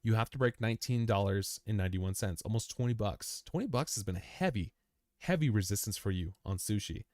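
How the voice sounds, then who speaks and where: A man's voice: lowish voice, animated, a little fast, a little mellow, no room sound, studio quality. A young man hosting a live stream, talking casually through price charts and repeating phrases, calling listeners "man" and "dude". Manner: chatty, repeats phrases, addresses the chart as "you"; says "man", "dude" and "bro". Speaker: crypto chart analysis livestream host.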